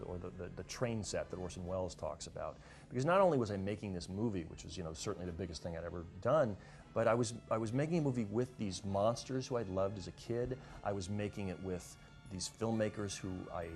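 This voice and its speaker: Reflective director, male, low-ish register, halting restarts. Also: a little mellow, faint music behind. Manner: thoughtful, with frequent restarts. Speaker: film director. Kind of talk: reflective documentary interview.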